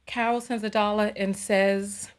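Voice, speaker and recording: A woman's voice: medium pitch, level tone, a little slow. A woman hosting a livestream, reacting heatedly and reading out viewer donations. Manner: heated, repeats herself when angry. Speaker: host. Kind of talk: livestream commentary.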